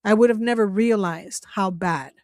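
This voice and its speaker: A woman hosting her own channel, telling a personal story in a plain casual way. Her pitch sits in the middle, and she talks with strong feeling, stopping and restarting and laughing between words. The recording is dry, with no room echo. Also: darkish tone. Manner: emotional, laughs often while telling, halting restarts. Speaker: channel host.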